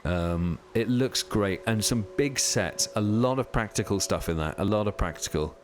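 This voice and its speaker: A man with a lowish voice live streams a video game at a normal speed, chatting casually and rambling with lots of fillers. He reads viewers' chat and answers their questions as he plays, with slight background noise present.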